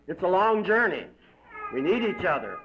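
A man's voice: high-pitched, very animated, normal speed, a little hiss or hum. A man voicing a gloating male demon who mocks and taunts a damned soul. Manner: mocking, shrieking, cackling. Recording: dull lo-fi recording.

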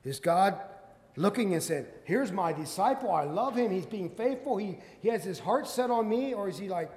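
A man preaching a sermon, quoting scripture in old-fashioned wording and building to loud, emphatic peaks. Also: high voice, lively intonation, normal speed. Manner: quotes scripture in King James wording. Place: church sanctuary. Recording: long hall reverb.

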